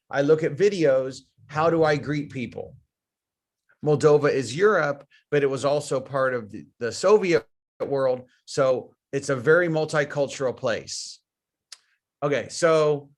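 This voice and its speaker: A man's voice: medium pitch, fairly bright tone. A man with an American accent giving a webinar lecture, explaining through step-by-step cultural examples and repeating key phrases. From United States. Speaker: guest speaker.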